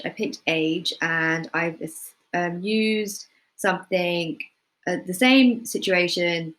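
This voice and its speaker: A woman tutoring students in playwriting. She explains things in a casual, relaxed way, with lots of ums and hedging. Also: on the low side, rough recording. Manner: relaxed, full of ums and hedges. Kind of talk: casual instructional talk to students.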